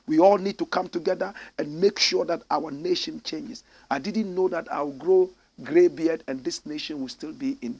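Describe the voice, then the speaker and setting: A man's voice: on the high side, gravelly, breathy edge. A middle-aged Ghanaian man hosting a show, reading out viewer comments with impassioned, swinging delivery. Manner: impassioned, swings between loud declarations and sighing asides.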